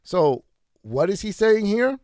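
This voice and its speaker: A man preaches a sermon in a rising and falling, animated voice that sits a little high. He leans on key words by stretching them out, then rushes through quick asides. The sound is close and dry, with no room echo. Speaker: pastor. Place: church.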